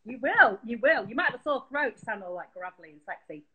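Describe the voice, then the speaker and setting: A woman's voice: a little high, animated, quick pace, narrow, tinny audio. A woman chatting as a guest on a video call, talkative and teasing. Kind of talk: casual video-call chat.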